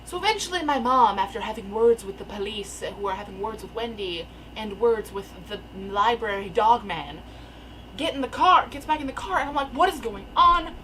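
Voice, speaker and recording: A young woman telling a rambling, animated story in casual storytime style from her attic room. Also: a little high, fairly quick, slight background noise, rough recording. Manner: rambling, animated, filler-heavy. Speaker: storyteller vlogger. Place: attic bedroom. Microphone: camera mic.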